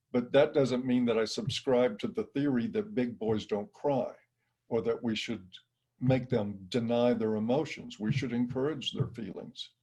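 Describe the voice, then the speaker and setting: A man's voice: medium pitch, mellow, breathy edge. A middle-aged man giving an emphatic, blunt interview answer. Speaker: interview guest. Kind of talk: interview conversation.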